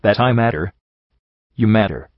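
A man's voice: on the low side, normal speed, no room sound, muffled recording, close to an everyday voice. A man voicing a blunt, weary young female pony in a story reading.

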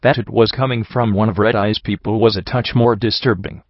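A man narrating a first-person story in a steady, even reading voice. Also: on the low side, fairly quick, few pauses, dry recording. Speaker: audiobook narrator. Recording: dry, slightly dull home recording.

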